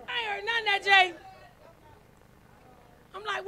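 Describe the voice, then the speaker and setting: High bright-voiced woman preaching. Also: normal speed, long pauses. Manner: folksy, storytelling, calls out to congregation with "y'all" and "right?". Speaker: first lady preacher. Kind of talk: sermon.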